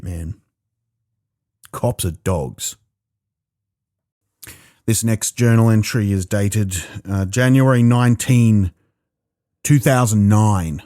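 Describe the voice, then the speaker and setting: A man with an Australian accent doing a profane, animated stand-up set alone in his own room, stammering into restarts. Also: fairly low pitch, no echo, studio quality. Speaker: stand-up comedian. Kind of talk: stand-up comedy performed alone.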